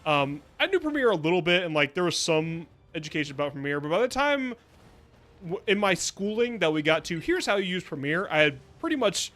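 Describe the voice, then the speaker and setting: Here a young man streams gameplay as a VTuber, his high-pitched voice swinging widely in pitch, a bit bright and a little fast. He keeps up a rambling, laughing chatter full of playful sing-song moments.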